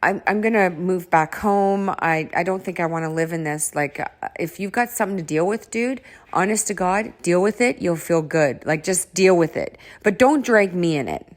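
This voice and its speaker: A woman's voice: on the low side, normal speed, few pauses. A woman vlogger telling a personal story in a casual monologue, blunt and exasperated, swearing freely. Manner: blunt and profane, frequent swearing; exasperated, animated delivery with restarts.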